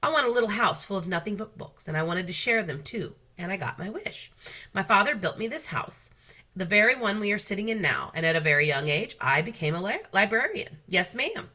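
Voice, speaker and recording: A woman's voice: mid-range voice, sing-song, a little fast, bright, forceful tone, pitched above the performer's own voice. A woman doing a genteel old lady librarian, drawling. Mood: storytelling. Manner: drawling, emphatic, repeats "yes, ma'am". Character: genteel elderly woman librarian, chatty, proud storyteller.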